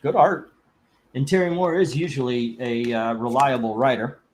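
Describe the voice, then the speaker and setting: A man's voice: mid-range voice, normal speed. Rambling, jokey man hosting a live stream. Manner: rambling and jokey, reads out viewer comments. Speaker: host of a live comic book auction stream. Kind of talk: casual livestream chat.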